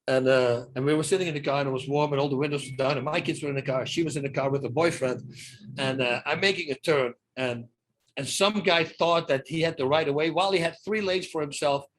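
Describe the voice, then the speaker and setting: A middle-aged man from the Netherlands, telling stories in a casual interview and acting out the dialogue, with many restarts. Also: on the high side. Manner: animated storyteller who acts out dialogue, many restarts. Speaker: guest.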